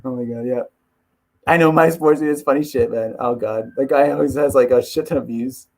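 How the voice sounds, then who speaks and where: A man's voice: medium pitch, steady tone, fairly quick, vocal fry, darkish tone. A man chatting casually on a live stream as an MMA YouTuber, rambling, swearing and laughing.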